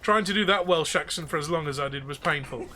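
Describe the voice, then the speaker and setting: A man's voice: on the high side, fast, bright, forceful tone, a little hiss or hum. A man narrating as game master at a tabletop game, chatty and joking with fillers.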